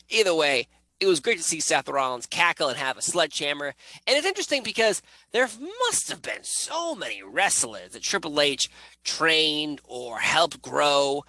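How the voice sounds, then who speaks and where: A man with a slightly high voice hosts a casual, comedic wrestling reaction show, animated and jokey, often laughing as he talks close to the mic. The recording is dry and rough.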